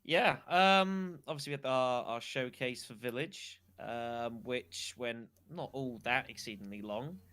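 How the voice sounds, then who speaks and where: A man guesting on a gaming podcast, delivering dry sarcastic jokes in a measured way. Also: mid-range voice, a bit bright, clean tone. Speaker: YouTube and Twitch creator guest. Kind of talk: casual podcast chat.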